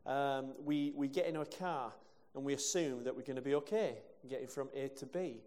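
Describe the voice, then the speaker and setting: A man's voice: mid-range voice, normal speed, a little mellow. A male preacher from England giving a conversational sermon with rhetorical questions and asides. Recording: long hall reverb.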